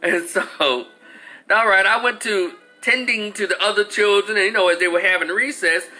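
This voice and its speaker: High, bright-voiced man telling a profane story. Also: moderate pace, soft background music. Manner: animated, acts out voices, swears freely. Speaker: commentator.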